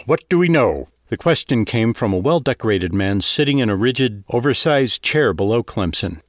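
A man narrating a novel with a lively, expressive lilt. He reads steadily into a close mic in a dry, dead room. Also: mid-range voice, dry recording. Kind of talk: audiobook narration.

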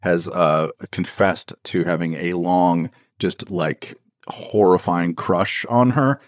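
A man's voice: low voice, steady tone, slow pace, dry recording, clean studio sound. A man co-hosting a podcast, speaking wryly in casual chat and setting up listener emails to read aloud. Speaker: podcast co-host.

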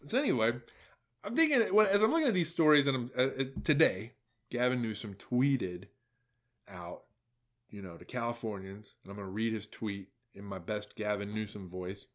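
A man's voice: lowish voice, animated, moderate pace. A male podcast host giving a casual, rambling solo monologue in a sardonic tone, with many asides. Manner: sardonic, meandering, full of fillers and asides.

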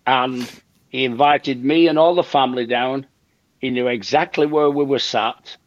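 A man's voice: mid-range voice, moderate pace, dry recording, highs cut off. An older man, telling a story as a guest in a casual chat and repeating himself for emphasis. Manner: animated anecdote teller, repeats himself for emphasis, acts out quotes. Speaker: guest comedian.

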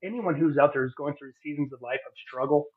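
Talking quickly in a husky voice on the high side, a man tells a sincere, heartfelt personal testimony as a podcast guest. He stumbles through many fillers and restarts, and the recording has a thin, phone-like sound.

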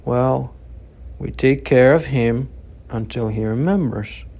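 A gentle, devout old man, as a male narrator voices him, speaking slowly and softly with a gravelly, creaky texture. His tone stays calm and reassuring, each phrase unhurried. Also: mid-range voice.

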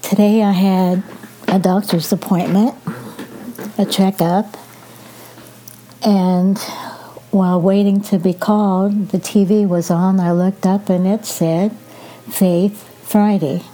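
An older woman hosting a devotional podcast, reading a psalm and reflecting on it in a gentle, measured way with pauses. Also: mid-range voice, steady tone. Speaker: podcast host reading scripture.

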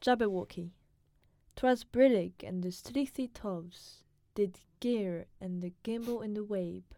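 Slow-talking mellow-voiced woman. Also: medium pitch, dry recording. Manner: measured, self-deprecating, laughs easily. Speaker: podcast co-host. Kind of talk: poetry reading and casual chat.

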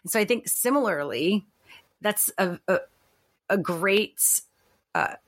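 A woman talking as a podcast guest in a reflective, animated way, with many fillers and restarts. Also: medium pitch, slow pace, dry recording. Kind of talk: casual podcast conversation.

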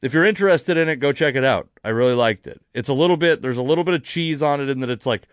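A man's voice: mid-range voice, quick pace, dry recording, clean studio sound. A man hosting his own comedy podcast, rambling through dates and topics in casual, self-correcting chat with the odd curse. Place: near Seattle.

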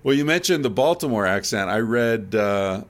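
A man from Pennsylvania hosting a casual chat, talking in a relaxed, conversational way. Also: lowish voice, moderate pace.

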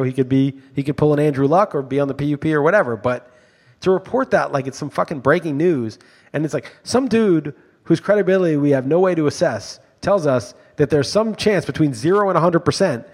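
A man's voice: on the high side, breathy edge. A man co-hosting a casual podcast chat, ranting emphatically and swearing freely. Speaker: podcast co-host.

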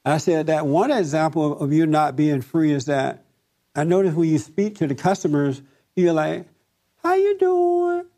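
A man leading a group talk, telling a story in a lively way and laughing often. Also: a little high, normal speed. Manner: animated, laughs often, acts out other voices. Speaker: discussion group leader.

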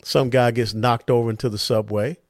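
In a steady, darkish mid-range voice at moderate pace, a Texas man hosts a political podcast. His commentary monologue is emphatic and peppered with rhetorical questions. There's no echo, and the studio sound is clean.

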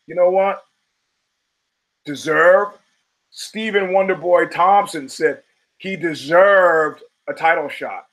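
A man's voice: a little high, a bit bright, low-quality recording. Wry, profane male podcast host. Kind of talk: solo podcast monologue.

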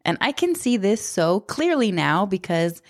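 A woman's voice: mid-range voice, sing-song, measured pace, dry recording, studio quality. A woman in her thirties giving blunt, sarcastic spoken commentary, swearing freely. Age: 30s. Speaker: book commentator.

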